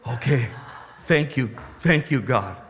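A man preaching a sermon as a pastor, animated and questioning the congregation. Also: medium pitch, slow, vocal fry. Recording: reverberant hall.

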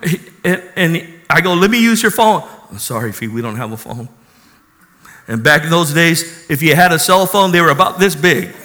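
A man's voice: a little high, expressive, moderate pace, sharp tone. A man preaching a fervent sermon and telling his testimony, calling out hallelujah. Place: church hall. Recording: echoey hall.

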